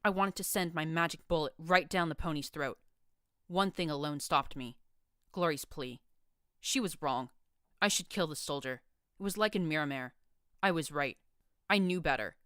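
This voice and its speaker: A woman narrating a first-person fan fiction audiobook in an even storytelling manner, close to the mic. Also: sits low, normal speed, pauses often, clean tone, no room sound.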